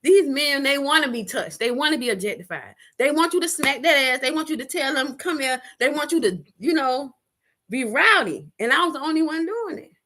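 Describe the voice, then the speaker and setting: Woman vlogger, live chat storyteller; slightly high voice, very lively pitch, brash and profane, acts out quotes. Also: fairly quick. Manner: animated, rowdy, swears freely, acts out quotes. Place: home in Chicago.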